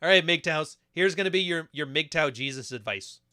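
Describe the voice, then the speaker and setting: Bright, joking man on a reaction podcast. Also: on the high side, animated, moderate pace. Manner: crude, joking, frequently laughing. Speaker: podcast host reacting to video clips. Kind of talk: casual reaction commentary.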